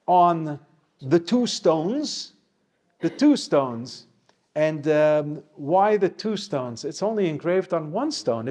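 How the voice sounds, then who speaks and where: A man teaching a Torah class as a rabbi, talking off the cuff with many Hebrew quotes and pauses, slowing down to stress key words. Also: high voice, mellow. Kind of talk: Torah lecture.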